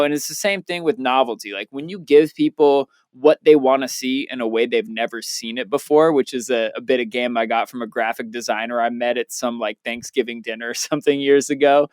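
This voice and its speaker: A young man co-hosting a podcast in casual chat, telling stories loosely and excitedly with plenty of swearing. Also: mid-range voice, clear, resonant tone, dry recording, clean studio sound. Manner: loose, profane, excitable storyteller. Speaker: podcast co-host, DJ.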